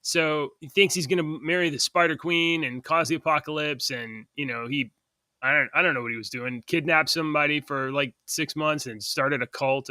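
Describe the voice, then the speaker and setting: Bright-voiced chatty man, dry close sound. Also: a little high, dry recording. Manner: rambling, chatty, laughs between points. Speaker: podcast co-host. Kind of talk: casual chat.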